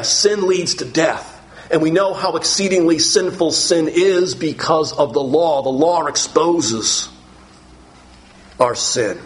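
A man preaching an expository sermon, emphatic, repeating key phrases with conversational asides. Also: a little high.

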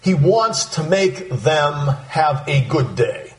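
A man's voice: fairly high pitch, slow pace, echoey room. A man preaching a sermon, walking through a scripture passage and acting out the disciples' lines. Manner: animated, acts out voices of disciples.

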